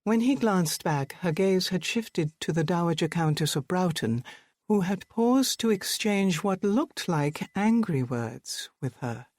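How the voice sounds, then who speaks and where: Brief: even, measured storybook narration, mid-pitched, dry and close. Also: dry recording. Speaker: audiobook narrator. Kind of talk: scripted narration.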